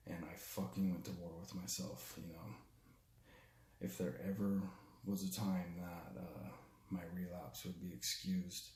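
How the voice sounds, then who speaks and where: A young man telling a personal story in a halting, raw way, full of restarts and swearing. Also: low voice, gravelly, darkish tone, roomy sound. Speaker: storyteller recounting his father's death. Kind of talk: personal spoken testimony.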